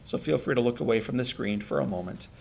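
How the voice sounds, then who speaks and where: A man with a gravelly, creaky voice delivers an inspirational keynote at an even middle pitch. He tells his story with emotion, pausing and repeating phrases for weight. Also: slight background noise. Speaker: motivational speaker. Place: virtual event stream.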